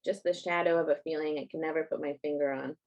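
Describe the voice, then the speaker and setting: A woman author reading her own fiction aloud in a measured, first-person narrating voice. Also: sits low, fairly even intonation, darkish tone, muffled recording.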